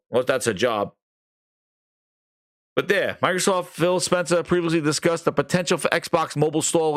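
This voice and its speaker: A man's voice: fairly high pitch, fairly bright tone. A man hosting a gaming podcast, ranting sarcastically, swearing and acting out mocking quotes. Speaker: podcast host. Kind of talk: ranting commentary.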